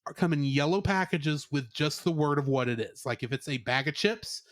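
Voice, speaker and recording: A man co-hosting a podcast, giving an animated, sarcastic movie review in casual chat. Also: a little high, a little fast, dry recording, studio quality. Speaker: podcast co-host.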